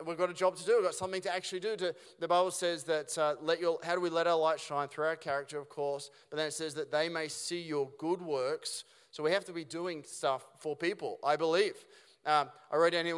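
A man preaches from a church stage, loose and conversational, firing off rhetorical questions and restarting his sentences as he goes. His voice is smooth and resonant and sits a little high for a man. The sound is carried by the long reverb of a church hall. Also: a bit bright. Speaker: pastor. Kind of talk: sermon. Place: church auditorium.

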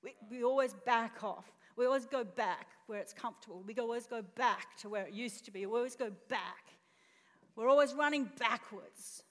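A woman's voice: on the high side, normal speed. A woman pastor preaching a sermon, telling a story expressively and putting questions to the congregation. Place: church auditorium. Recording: long reverb in a church hall.

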